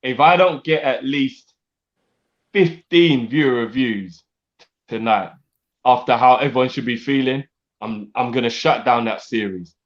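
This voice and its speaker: Halting frustrated man, muffled audio. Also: medium pitch. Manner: halting, repeats himself, frustrated. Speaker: fan panelist. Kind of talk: casual chat.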